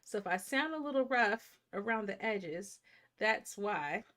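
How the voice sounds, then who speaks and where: A woman's voice: mid-range voice, expressive, unhurried, fairly bright tone. A woman in her thirties hosting a live movie watch stream in casual chat, a little congested from a sinus infection and greeting viewers by name.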